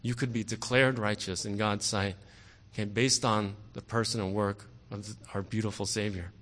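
A man preaching a sermon earnestly, often pausing on "okay" and growing forceful on key words. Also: fairly low pitch, fairly even intonation. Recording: long hall reverb.

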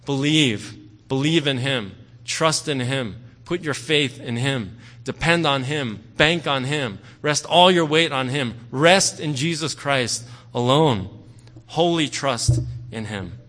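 A man's voice: mid-range voice, fairly bright tone. A man preaching a sermon in a conversational way, often checking in with "okay?" and "right?". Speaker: pastor. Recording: long hall reverb.

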